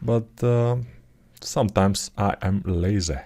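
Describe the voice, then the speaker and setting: Low-voiced man thinking aloud while sculpting. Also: slow. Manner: relaxed thinking aloud, self-deprecating. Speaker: 3D artist tutor. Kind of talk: live commented sculpting tutorial.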